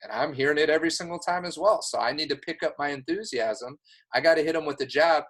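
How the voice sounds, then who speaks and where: A man's voice: fairly high pitch, quick pace, a bit bright. A man coaching a new agent, speaking in an earnest, emphatic and encouraging way. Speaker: sales coach. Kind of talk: coaching talk.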